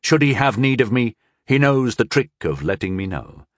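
A man's voice: mid-range voice, sing-song, no echo, lightly acted. A man doing a guarded young court wizard. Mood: restrained. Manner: measured, restrained, deferential. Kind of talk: audiobook character voice.

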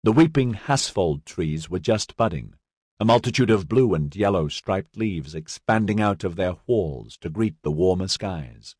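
A man narrating an audiobook in a measured, expressive reading. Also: low-pitched, breathy edge, dry recording, studio quality. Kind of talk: scripted narration.

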